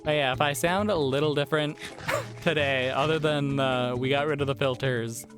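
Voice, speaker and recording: A man at a middle pitch chats loosely through a let's play, wandering between the game and his own worries, poking fun at himself. His voice is worn and a little hoarse, as if it is going. Game music plays clearly underneath him. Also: fairly even intonation, moderate pace. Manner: rambling, self-deprecating, chatty. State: losing his voice. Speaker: gaming channel host. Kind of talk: casual let's play commentary.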